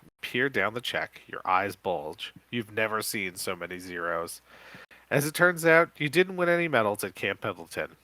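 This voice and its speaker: A man co-hosting a podcast, reading an interactive horror book aloud live with quick self-corrections. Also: fairly low pitch, expressive, bright, forceful tone, no echo. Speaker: podcast co-host.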